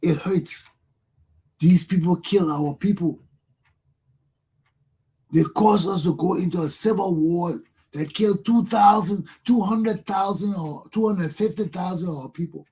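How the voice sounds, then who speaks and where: A man's voice: sits high, measured pace, dark tone, slightly rough. A man with a Liberian English accent hosting a talk show, giving impassioned political commentary and repeating himself as he addresses his listeners.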